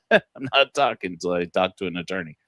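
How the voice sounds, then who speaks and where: A man's voice: deep voice, lively intonation, moderate pace, sharp tone, no room sound. A man hosting a casual livestream, rambling with many fillers and restarts and laughing at his own jokes. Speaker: podcast host.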